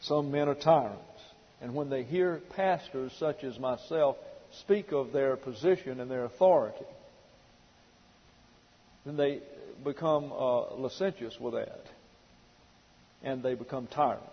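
A middle-aged man preaching a sermon, emphatic and slow on his key words, heard through a dull lo-fi recording in a reverberant hall. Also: mid-range voice, husky. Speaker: pastor.

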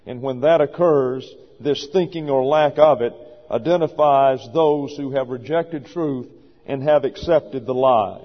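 An older man delivering a measured, deliberate sermon as a pastor, teaching point by point. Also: mid-range voice. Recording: muffled recording with long reverb.

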